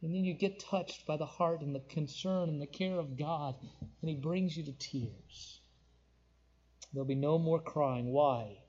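A male preacher with a high voice delivers a sermon with fervor. He rises to loud, ringing declarations and drops to near-hushed tones. The recording sounds dull and lo-fi. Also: measured pace.

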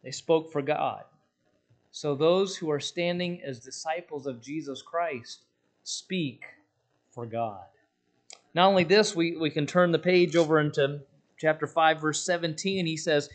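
A man delivering a sermon with a slightly raised pitch. He swings between loud, emphatic declarations and hushed, low lines. He slows right down whenever he quotes scripture. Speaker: preacher.

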